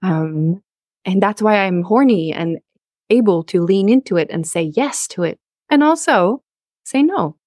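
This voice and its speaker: Frank young woman, lowish dry voice. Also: measured pace, mellow, no room sound. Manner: frank, emphatic, openly explicit. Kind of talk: candid conversational talk.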